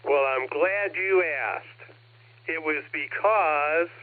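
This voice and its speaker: A man checking in to an amateur radio net, telling jokes in a slow, folksy way. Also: on the high side. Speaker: net caller. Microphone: radio transceiver microphone. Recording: narrow radio transmission audio.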